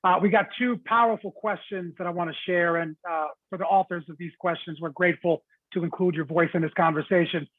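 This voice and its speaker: A male moderator hosting an interview, speaking in a measured way and reading out audience questions. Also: high voice, fairly even intonation, no echo. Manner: measured, reads out audience questions with brief affirmations. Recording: thin phone-like dry line.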